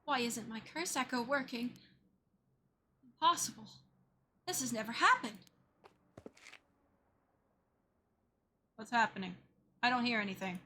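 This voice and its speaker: A woman's voice: a little high, expressive, moderate pace, long pauses, sharp tone, slight background noise. A woman voicing a male villain who casts curses, reading game dialogue aloud with a gloating tone. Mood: baffled. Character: man, a vengeful cursing villain.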